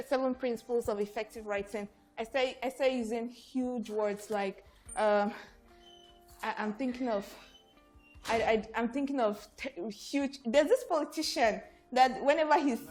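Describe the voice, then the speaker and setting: A woman's voice: fairly high pitch, a little mellow. A woman trainer giving a conversational workshop talk to an audience. She restarts and repeats words as she goes.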